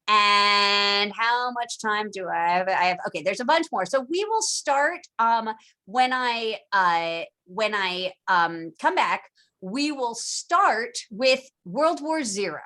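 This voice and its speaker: A woman giving a casual online lecture over a video call, chatty and animated, acting out historical figures in jokey quoted voices. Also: mid-range voice, slow. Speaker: teacher.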